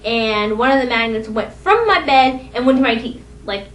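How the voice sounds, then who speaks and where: In a casual vlog, a young woman speaks at a moderate pace with lively intonation, rambling through self-deprecating stories about her own life. The audio is echoey and distant-miked, with a faint rumble underneath.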